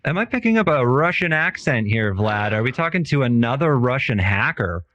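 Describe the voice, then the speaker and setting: A man's voice: medium pitch, very animated, normal speed, fairly bright tone, no echo, dull audio. A man playing a weary late-night radio DJ taking calls at the end of the world, drawling and dry, with many hesitant uhs, in an improvised comedy. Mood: wry.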